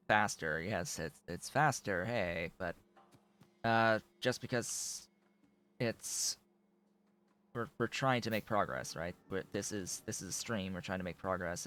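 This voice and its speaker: A man streaming a game from home, thinking aloud in a rambling way and correcting himself as he talks. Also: a bit bright. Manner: rambling, self-correcting, coos at his cat in a high voice. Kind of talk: casual live-stream commentary. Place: home room with a green screen. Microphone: desk microphone.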